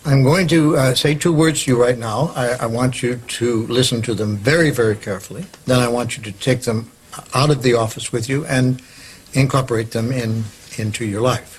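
An actor playing a blunt, impatient male therapist in a comedy sketch, talking deadpan with a halting stammer. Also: mid-range voice, slight background noise, natural voice, poor audio.

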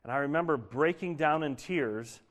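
A young man from Denver giving a sermon, telling a personal story in an earnest way that grows lively as he preaches. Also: on the high side, normal speed. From Denver, Colorado. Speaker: pastor.

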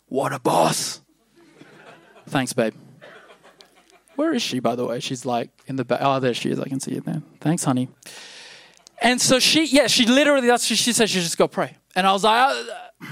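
A man's voice: a little high, gravelly, a bit bright, dry recording, studio quality. A man in his thirties preaching a sermon, rambling and self-deprecating with many restarts, growing emphatic toward the end.

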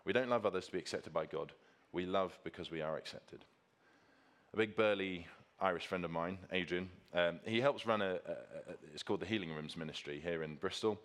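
A man's voice: sits low, fairly quick, a bit bright. A man preaching a sermon with slides, earnest and emphatic, repeating key phrases for stress.

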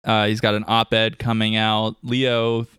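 Male podcast co-host, relaxed and jokey, recapping episodes; dry booth sound. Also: on the low side, a little slow, clean tone, no room sound. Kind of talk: casual chat.

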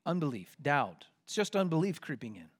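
Guy preaching, pretty high voice, gets loud and dramatic acting out complaints. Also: very animated, a little fast. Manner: expository preaching with acted-out complaints and rising emphasis. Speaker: pastor. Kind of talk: sermon.

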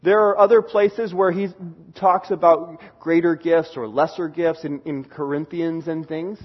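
A man's voice: on the high side, fairly even intonation, a little slow, lo-fi sound. A man preaching a sermon, explaining a scripture passage and reading verses aloud while stressing key words.

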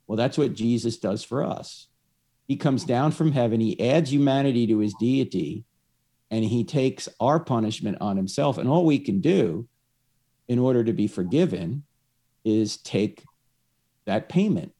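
A man's voice: mid-range voice, animated, measured pace, mellow. A man explaining his faith to one listener through a story, acting out the lines of the people in it. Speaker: evangelist.

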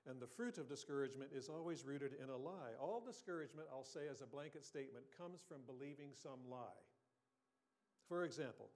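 A man's voice: medium pitch, lively intonation, fairly quick, a little mellow. A man preaching a sermon in an earnest, conversational way, asking his listeners questions and sometimes restarting his sentences. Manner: occasional restarts and throat clearing. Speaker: pastor.

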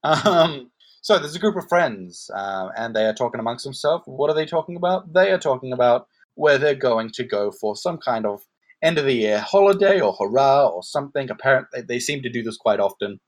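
A man co-hosting a laid-back movie review show, telling the story in a meandering, joking way. His pitch swings widely as he talks, and he stops often to look for the right word. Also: animated, fairly quick. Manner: rambling, jokey, searching for words. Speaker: podcast co-host reviewing a movie. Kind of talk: casual chat.

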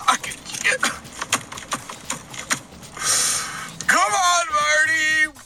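A man voicing a panicked man yelling at his friend to wake up, swearing in a frenzy. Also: very high-pitched, sing-song, brisk, roomy sound, voice pushed up, exaggerated voice. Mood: frantic.

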